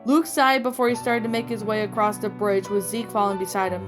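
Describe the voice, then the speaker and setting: A woman narrating a fan fiction story aloud in a plain, steady reading voice. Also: medium pitch, brisk, over music. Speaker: story reader.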